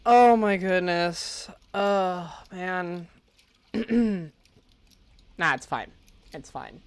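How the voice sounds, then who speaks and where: A woman commenting casually while playing a game on a live stream, chatty and quick to giggle. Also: lowish voice, clean tone, dry recording. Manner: chatty, giggly, animated reactions.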